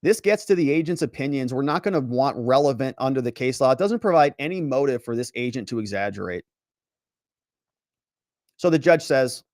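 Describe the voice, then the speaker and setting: A man's voice: mid-range voice, expressive, moderate pace, darkish tone, no room sound, clean studio sound. A man hosting legal commentary, who retells a court hearing dramatically and acts out the lines of the judge and the lawyers.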